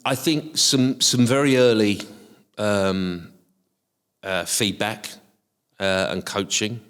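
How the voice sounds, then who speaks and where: A middle-aged man with a softened Essex estuary accent and a very low voice, talking over his career in a hesitant way full of ums and restarts. The voice rings out with a long reverb tail. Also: fairly even intonation, takes it slowly, clear, resonant tone. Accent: softened Essex estuary English. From Essex, England. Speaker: guest, HR professional. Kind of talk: casual reflective interview talk.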